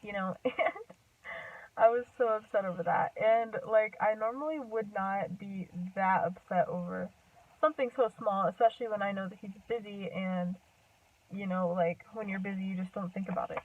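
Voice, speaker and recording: A woman's voice: mid-range voice, fairly even intonation, moderate pace. A young woman telling a personal story to her camera in a rambling, chatty way, full of "like" and "um" and frequent laughs. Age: young adult. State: a bit out of breath. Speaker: vlogger. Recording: distant tinny phone-like sound.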